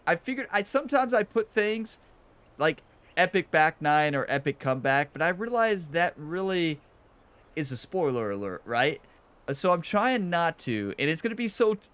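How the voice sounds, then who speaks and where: A young man hosting his own golf video game channel, chatting casually over gameplay, laughing often and swinging between frustration and excitement. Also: on the high side, clear, resonant tone. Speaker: gaming channel host.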